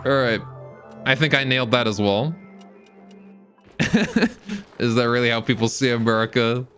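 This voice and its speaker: A man's voice: medium pitch, fairly even intonation, moderate pace, fairly bright tone, soft background music. A man streaming a game live, cursing and muttering as he plays and breaking off to chat with viewers. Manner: talks to viewers between game instructions. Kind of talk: live gameplay commentary.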